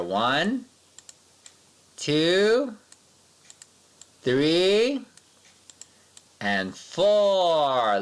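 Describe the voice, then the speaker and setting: A man teaching a math lesson to young children, patient and sing-song, counting along slowly with his pupils. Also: mid-range voice, fairly bright tone.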